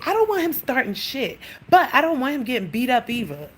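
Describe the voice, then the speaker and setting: A woman's voice: a little high, very animated, brisk, few pauses, a little hiss or hum. A woman chatting on a livestream, rambling and swearing freely as she tells stories. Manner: rambling, profane storytelling with lots of "like". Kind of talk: casual livestream chat.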